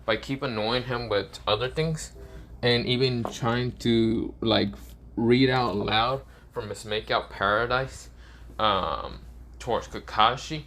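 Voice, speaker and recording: A man's voice: medium pitch, bright, forceful tone. A man casually improvising a fan-fiction story, rambling with lots of fillers. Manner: rambling, many fillers like "well" and "but yeah".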